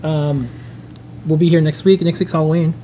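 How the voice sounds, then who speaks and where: Laid-back man with a mellow voice. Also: a little high, little pitch movement, moderate pace, a little hiss or hum, low-quality recording. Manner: laid-back, rambling, informal. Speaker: host. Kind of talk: casual live-stream chat.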